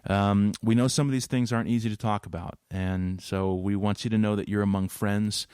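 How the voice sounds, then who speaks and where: A man's voice: fairly low pitch, fairly even intonation, fairly quick, a little mellow, clear, resonant tone, dry recording, studio quality. A man hosting a casual podcast interview, jokey and effusive, who laughs often. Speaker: podcast host.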